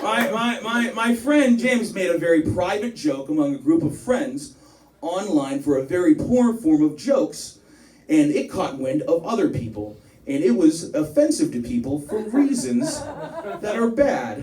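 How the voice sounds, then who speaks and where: A man telling a rambling, profane stand-up story to a live bar audience, getting louder as it builds. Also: on the high side, a little slow, background noise. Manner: rambling, swears a lot, builds to excited shouting. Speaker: stand-up comedian. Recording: roomy live bar recording from a distance. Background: audience laughing.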